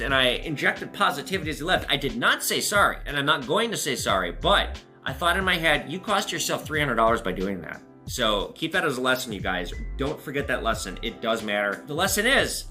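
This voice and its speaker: A pawn shop owner talks casually to his viewers in a bright, forceful voice. He is blunt and profane and turns the story into a lesson. Faint music plays under him. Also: medium pitch.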